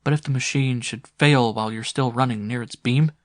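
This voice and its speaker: A man's voice: medium pitch, fairly even intonation, fairly quick, no room sound, studio quality, natural voice. A man doing a hesitant young woman. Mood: worried. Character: worried young woman companion.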